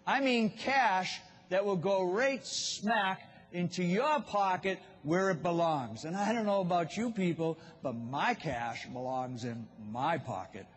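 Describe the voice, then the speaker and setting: Man, Boston accent, high husky voice, unhurried, seminar speaker, reverberant hall. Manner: storytelling, addresses audience directly. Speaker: business speaker. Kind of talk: motivational seminar talk. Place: event hall.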